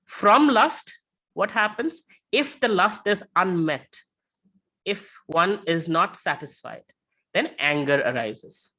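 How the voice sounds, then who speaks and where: A man giving a lecture with slides, talking conversationally and often checking in with a quick "right?". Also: sits high, animated, pushed and bright. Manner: tells illustrative stories.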